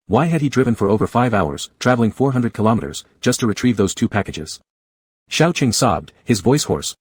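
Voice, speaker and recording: A man narrates a scripted comic love story in an even, measured way. His voice is low and husky. The recording is dry and close, with no room sound. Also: dry recording.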